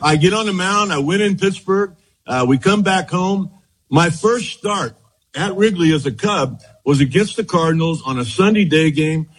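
An older man, a former pitcher, telling animated stories and laughing often as he looks back on his career. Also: moderate pace, husky, low-quality recording. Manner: animated anecdotes, laughs often, frequent "as you know". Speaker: former baseball pitcher, guest. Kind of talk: reminiscing storytelling.

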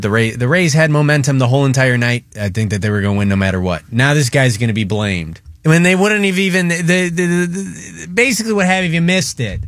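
A man's voice: medium pitch, fairly bright tone, no room sound, clean studio sound. A man hosting a radio show, talking sports in a casual, joking, rambling way.

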